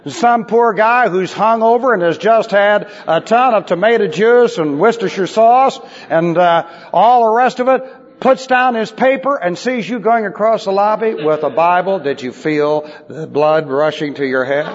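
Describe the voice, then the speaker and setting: A man preaching a sermon, wry and lively, dropping into sly asides. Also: high-pitched, normal speed. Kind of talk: expository sermon. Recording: dull recording in a large reverberant hall.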